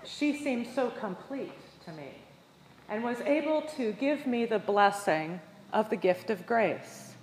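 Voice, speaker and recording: A woman delivering a sermon, telling a personal story with animated voices for the people in it. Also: on the high side, slow, a little hiss or hum. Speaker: preacher. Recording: echoey hall with long reverb.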